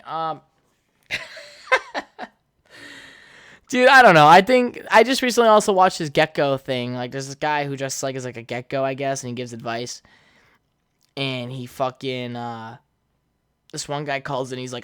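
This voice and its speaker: A man's voice: mid-range voice, moderate pace, a bit bright, clean tone, no room sound, clean studio sound. A young man hosting his own podcast alone, rambling casually, swearing a lot and laughing at his own jokes. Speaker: podcast host. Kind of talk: casual solo podcast chat.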